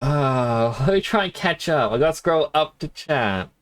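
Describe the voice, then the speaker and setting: A man streaming a game, sniffling a little and telling rambling stories with quick laughs into a desk mic. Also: fairly high pitch, lively intonation. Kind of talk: casual chat while gaming.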